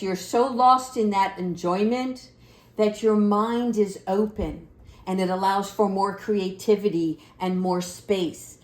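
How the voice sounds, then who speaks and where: Slow, gentle woman reading tarot cards. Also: medium pitch. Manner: gentle, encouraging, affirming. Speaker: tarot card reader. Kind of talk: spiritual card reading. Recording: echoey room.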